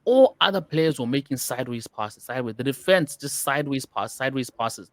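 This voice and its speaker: A man's voice: medium pitch, lively intonation, a little fast, dry recording. A man co-hosting a football podcast in casual chat, rambling with lots of "you know" and restarts. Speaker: podcast co-host.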